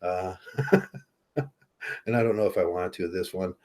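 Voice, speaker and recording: A man talking through a rambling opinion monologue to camera, halting with many restarts. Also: sits low, fairly even intonation, a little mellow. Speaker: vlogger.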